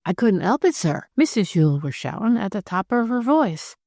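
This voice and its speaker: A timid young Victorian housemaid , as a woman voices her, speaks earnestly in a lifted, higher voice. Her telling is nervous but sincere. The recording is dry and close. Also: sing-song, normal speed, a little mellow, no room sound.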